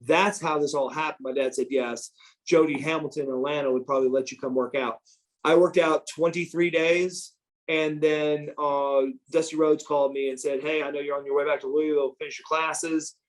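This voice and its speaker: A man's voice: fairly high pitch, steady tone, normal speed, poor audio. A middle-aged American man, a former pro wrestler, telling stories animatedly in a podcast interview and swearing freely as he acts out quotes. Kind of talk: shoot interview storytelling.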